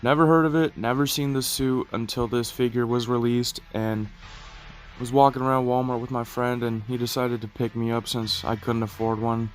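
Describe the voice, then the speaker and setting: A man's voice: mid-range voice, level tone, moderate pace, faint music behind. A man with a plugged nose and a nasal voice, chatting casually through a toy review video. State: stuffy nose.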